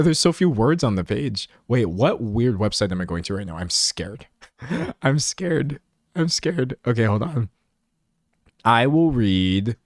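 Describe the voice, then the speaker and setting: A man's voice: on the low side, dry recording, studio quality. Giggly rambling young man streaming. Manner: giggly and rambling, talks to chat. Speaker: live streamer. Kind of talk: casual stream chat.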